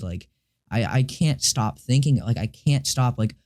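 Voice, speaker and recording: A teenage boy talks straight to camera in a mellow, relaxed-sounding voice of ordinary pitch. He rambles through his story with halting restarts, lots of fillers and casual swearing, sounding confused and frustrated. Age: teens. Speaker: vlogger.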